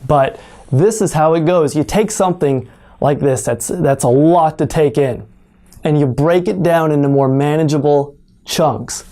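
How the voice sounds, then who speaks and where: This online pronunciation lesson features a native English speaker who talks deliberately and exaggerates sounds to demonstrate them, using a warm, medium-pitched voice.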